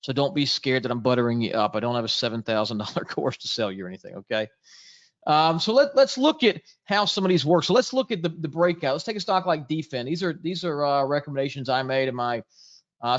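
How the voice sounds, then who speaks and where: A man's voice: mid-range voice, fairly quick, dull audio. Chatty man teaching a trading webinar. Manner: chatty, jokey, greets viewers in the chat.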